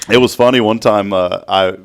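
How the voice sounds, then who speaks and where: A man hosting a morning radio show in a studio, chatting casually and telling animated stories with a laugh. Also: fairly low pitch, normal speed, creaky, smooth.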